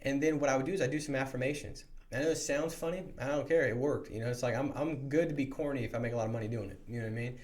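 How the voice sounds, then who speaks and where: The voice is a man at a middle pitch, talking with energy as he coaches new insurance sales agents. His delivery is casual and motivational, and he often restarts a phrase before pushing on. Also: rapid-fire, few pauses. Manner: energetic and conversational, with frequent restarts. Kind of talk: motivational sales training talk.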